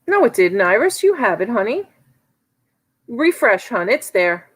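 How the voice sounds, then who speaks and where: A woman's voice: a little high, sing-song, a little slow, slightly rough, low-quality recording. A woman with a New York accent calling a live online auction, chatty and teasing bidders by name.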